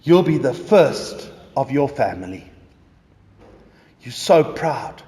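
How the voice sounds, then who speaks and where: A man's voice: medium pitch, sing-song, slow pace, mellow. A man preaching a sermon, telling a story dramatically in the second person. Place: church. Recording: echoey church reverb.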